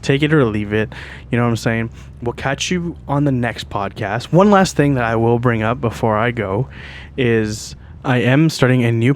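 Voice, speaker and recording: With a Canadian English accent and a medium-pitched voice, a young podcast host rambles through a casual story, cursing freely and leaning constantly on "like" and "you know what I mean." There's a slight hiss or hum in the audio.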